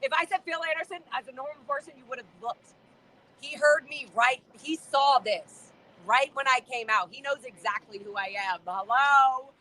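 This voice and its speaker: A young woman outdoors on a street, talking in an excited, shaken way as a protester. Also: high voice, normal speed, a little hiss or hum, rough recording. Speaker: ex-member protester. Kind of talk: emotional street conversation.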